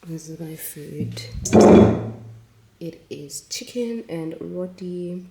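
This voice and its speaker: A woman's voice: fairly low pitch, extremely slow, creaky, warm tone. A young South African woman vlogging casually, reflective and switching between English and Zulu phrases, a Zulu speaker. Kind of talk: casual talking to camera. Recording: roomy audio from a distance.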